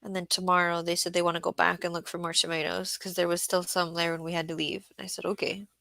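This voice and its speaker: Chatty woman with a bright dry voice. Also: lowish voice, little pitch movement, fast, vocal fry, dry recording. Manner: chatty, reads viewer comments aloud, laughs often. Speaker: livestream host, market gardener. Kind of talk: casual livestream chat.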